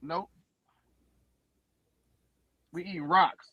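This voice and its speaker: A man's voice: high-pitched, steady tone, drawn-out words, slightly rough, dry recording, highs cut off. A man co-hosting a podcast, boasting and mocking in brash banter, repeating his words. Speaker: podcast co-host. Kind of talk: brash trash-talking banter.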